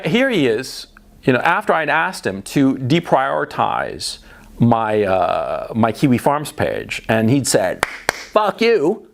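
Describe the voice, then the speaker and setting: A man talking in a casual monologue, blunt and profane, repeating phrases for emphasis and tagging lines with quick questions. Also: medium pitch, vocal fry. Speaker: vlogger.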